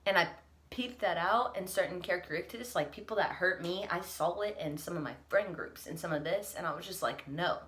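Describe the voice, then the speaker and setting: Young female vlogger, lowish voice, earnest confessional talk, near tears. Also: a little fast, a bit bright. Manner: earnest, reflective, laughs through emotion. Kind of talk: candid confessional vlog.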